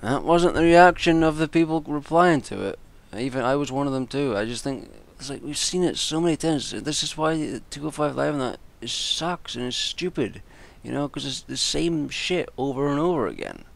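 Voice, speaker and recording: Gravelly man ranting casually. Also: a little high, lively intonation, moderate pace, few pauses. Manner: exasperated, swears freely, rambling with restarts. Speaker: wrestling commentator and vlogger.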